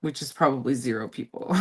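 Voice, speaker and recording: A woman chatting casually on a livestream, talking in a relaxed, conversational way to her viewers. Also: deep voice, moderate pace, breathy edge. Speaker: livestream host.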